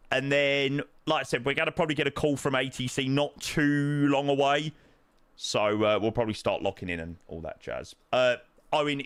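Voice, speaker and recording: A man chatting casually to his live-stream viewers as he plays, thanking supporters and reacting loudly to his own guesses. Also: medium pitch, clear, resonant tone, no echo. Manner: excitable, swings between muttering and loud outbursts. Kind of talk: casual live-stream chat while playing.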